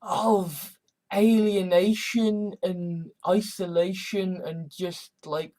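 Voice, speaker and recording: A woman's voice: mid-range voice, lively intonation, a little slow, poor audio. A woman giving a rambling, profane video monologue, agitated and often breaking off mid-sentence. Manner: profane, agitated, self-interrupting. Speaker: vlogger.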